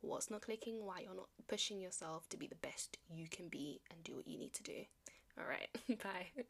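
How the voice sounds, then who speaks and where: Gravelly, upbeat woman. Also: fairly low pitch, moderate pace, a bit bright, no room sound, in a whisper. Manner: chatty, upbeat and motivational, with slangy asides and laughter. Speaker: podcast host. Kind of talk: casual solo podcast chat.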